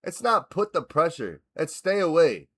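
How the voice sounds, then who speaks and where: A man's voice: on the high side, normal speed. A man hosting a reaction video, ranting bluntly and with lots of swearing as he breaks down a fight. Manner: profane, blunt, animated ranting. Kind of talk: casual fight reaction rant.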